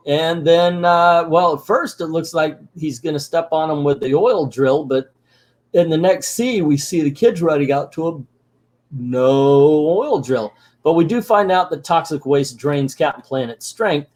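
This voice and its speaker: Older man, comic book reviewer, sarcastic, mocking, casual recap, slightly high pitch. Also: darkish tone. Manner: sarcastic, mocking, reads dialogue in quick put-on voices.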